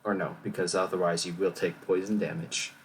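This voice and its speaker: A man narrating as game master on a voice call, explaining rules calmly with many fillers and restarts. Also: deep voice, brisk. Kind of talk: narrating a tabletop game over voice chat. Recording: distant mic with faint background hiss.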